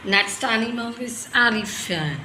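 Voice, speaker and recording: A woman's voice: a little high, expressive, a little slow, sharp tone. A woman teaching animals to small children, in simple sentences with lots of questions. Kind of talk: kids' lesson, talking to toddlers. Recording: echoey room with faint noise.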